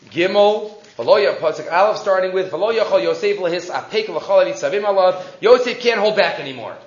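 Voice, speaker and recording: Male Torah teacher, high voice, lively delivery, roomy dull recording. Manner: animated, acts out quotes with rising voice; mixes Hebrew quotes into English. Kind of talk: weekly Torah portion class.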